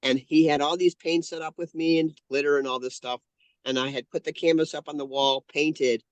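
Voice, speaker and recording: A man in his fifties, a painter and channeler appearing as an interview guest, tells a heartfelt personal story, earnest and often correcting himself mid-sentence. His voice is on the high side with fairly even intonation and a slightly fast pace. The audio is dull and has no echo.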